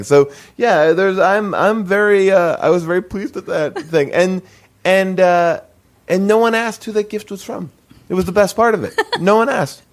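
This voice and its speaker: A man's voice: high-pitched, moderate pace. Man, thirties, comedian guest, chatty, rambling, laughing, full of fillers. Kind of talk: casual interview storytelling.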